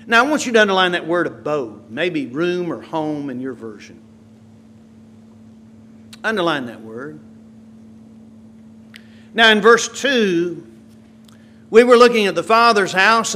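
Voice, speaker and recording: Bright-voiced, high-pitched preacher. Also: male voice, sing-song. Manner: emphatic, swings from quiet to loud, slows on key words. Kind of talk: sermon.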